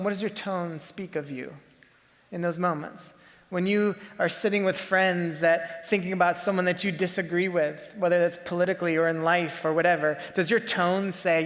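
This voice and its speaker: A man with a high-pitched voice preaching a sermon. His delivery is conversational and leans on rhetorical questions. His voice carries a long reverb from a large hall. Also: a bit bright. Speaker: pastor.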